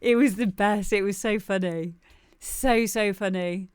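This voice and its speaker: A woman's voice: medium pitch, unhurried, darkish tone, clean tone, no echo, studio quality. A woman hosting a live music demo show, chatting casually and laughing often. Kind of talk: casual live-stream chat.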